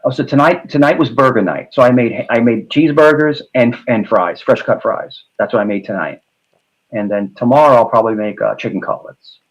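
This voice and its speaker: A man's voice: mid-range voice, fairly quick, muffled recording. A man with a New York accent chatting casually about food, rambling and often repeating himself. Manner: rambling, repeats words, says bro a lot. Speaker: host. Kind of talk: casual chat.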